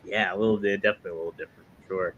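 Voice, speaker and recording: A man's voice: fairly low pitch, steady tone, very fast, fairly bright tone, highs cut off, slight background noise. A young man co-hosting a casual podcast who agrees readily, laughs easily and reads out viewer messages. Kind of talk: casual chat.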